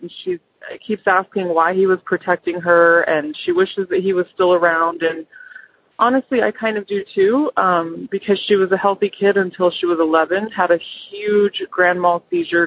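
A woman's voice: medium pitch, slightly rough. A middle-aged mother calling in to tell a personal ghost story, hesitant, with many ums and restarts. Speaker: caller. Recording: phone line.

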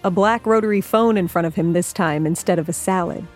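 A woman's voice: on the low side, brisk, darkish tone, soft background music. A woman co-hosting a podcast, narrating in a conversational scripted way with a lightly wry, questioning manner. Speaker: podcast co-host.

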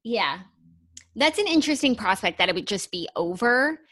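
A woman's voice: fairly high pitch, big pitch swings, moderate pace, a bit bright. A woman co-hosting a casual pop-culture podcast, reading news items aloud and chatting about them. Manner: reads news stories aloud, then chats about them. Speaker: podcast co-host.

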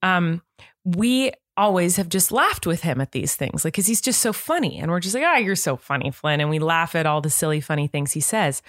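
A woman in her thirties chatting casually as a podcast co-host, telling stories about her toddler with lots of fillers, acting out quotes in a much higher voice. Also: fairly quick, no echo, clean studio sound. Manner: animated storyteller, acts out quotes in a high voice, laughs. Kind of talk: casual chat.

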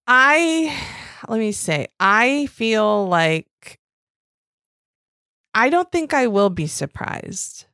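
A woman's voice: fairly high pitch, sing-song, extremely slow, pauses often, bright, forceful tone, clear, resonant tone, no echo, clean studio sound. A woman co-hosting a podcast, chatting casually and animatedly, laughing often and swearing freely. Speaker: podcast co-host. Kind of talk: casual chat about reality TV.

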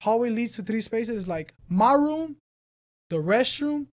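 Young man, high voice, rambling casual chat, frequent restarts, dry sound. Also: expressive, a little slow, no echo.

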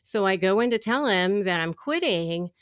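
A woman's voice: mid-range voice, animated, normal speed, no room sound, studio quality. A middle-aged woman, a guest attorney, telling a story with animation in a podcast interview. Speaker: guest, divorce attorney and negotiator.

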